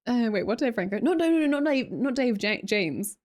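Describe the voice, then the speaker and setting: A woman's voice: expressive, brisk, a little mellow. A young Australian woman streaming live, chatting casually, reading out and answering her chat and laughing often. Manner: chatty, laughs often, breaks into high squeals.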